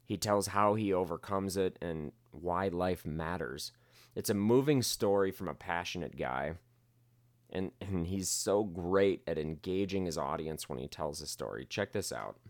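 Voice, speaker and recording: A man's voice: deep voice, unhurried, no room sound. A man giving earnest, admiring commentary as he introduces a clip. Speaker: video commentator. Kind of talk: casual commentary.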